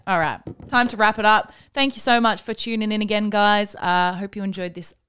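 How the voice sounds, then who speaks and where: A young woman co-hosting a podcast, easygoing and quick to react in casual chat. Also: mid-range voice, a bit bright, a little hiss or hum. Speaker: podcast co-host.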